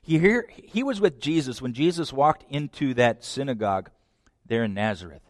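A man preaching a sermon, dramatic, swinging between loud declarations and hushed lines. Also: medium pitch, animated, moderate pace, no echo, studio quality.

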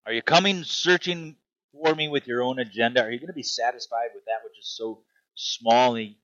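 A man preaching a sermon, animated and emphatic, with repeated punchy phrases. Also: mid-range voice, moderate pace, dry recording, highs cut off. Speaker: pastor.

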